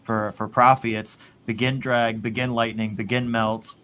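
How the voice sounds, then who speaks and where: A man's voice: mid-range voice, level tone, moderate pace, a bit bright, slight background noise. A man in casual chat, rambling, swearing and laughing often. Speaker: podcast host.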